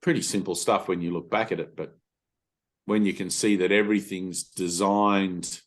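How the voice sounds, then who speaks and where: A man with a slightly low voice leads a satsang, telling stories from his past. His delivery is casual and lively, full of asides. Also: moderate pace. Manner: storytelling, casual and animated. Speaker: spiritual teacher. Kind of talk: satsang talk.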